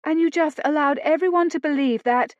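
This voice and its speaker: A woman reading an audiobook, voicing a prim, sharp-tongued young lady with frosty indignation. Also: high voice, a little fast, no echo, pitched above the performer's own voice, natural voice. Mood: indignant. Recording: dull dry lo-fi studio read.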